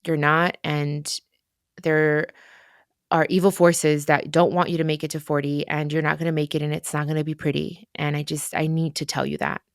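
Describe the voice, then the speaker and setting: A gentle, grave middle-aged mother gives her daughter a warning in a hushed, lowered voice, as a woman quotes her in a podcast. The voice stays soft and low, with a dry, close sound. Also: little pitch movement, moderate pace, no echo. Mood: tender, grave.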